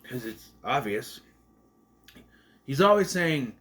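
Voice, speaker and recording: A young man with a medium-pitched, unhurried voice talks through a film in a casual, rambling review. Animated throughout, he often corrects himself mid-sentence.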